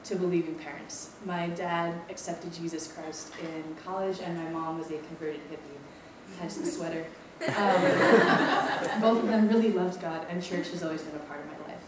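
Speaking at a normal pace in a lowish, steady voice, this campus ministry staffer from Maui, Hawaii, in her twenties, shares her testimony. She rambles in a chatty, self-mocking way, um-ing often. It was captured in a lecture room with echo, a faraway mic, and background noise.

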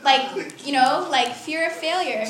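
A young woman preaching a casual, animated sermon, laughing often and adding chatty asides. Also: sits high, unhurried, a little hiss or hum. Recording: echoey hall, voice from far off.

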